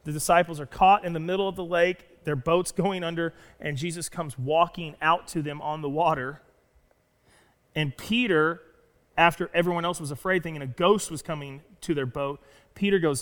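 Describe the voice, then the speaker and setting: A man preaching to his church with animated, storytelling energy, sometimes rising and sometimes dropping soft. His voice sits fairly high for a man. It rings out in a hall with a long reverb. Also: moderate pace. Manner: animated storytelling, acts out quoted lines. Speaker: pastor. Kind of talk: sermon.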